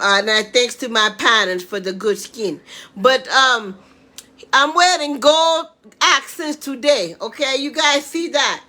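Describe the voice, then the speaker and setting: A woman hosts her own home cooking live stream, chatting casually and regularly checking in with "okay?". Her voice is fairly high-pitched with a sharp tone.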